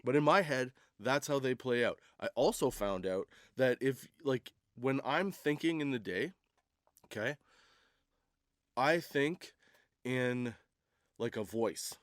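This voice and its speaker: A man's voice: mid-range voice, expressive, takes it slowly, pauses often, dry recording, clean studio sound. A man hosting a comedy podcast, rambling through a casual monologue with laughs and restarts. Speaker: podcast host.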